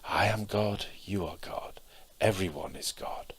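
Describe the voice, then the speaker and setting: A man voicing an eager young boy apprentice in a spoken parable, asking earnest, bewildered questions in a low voice. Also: unhurried, a bit bright, slightly rough. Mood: wondering.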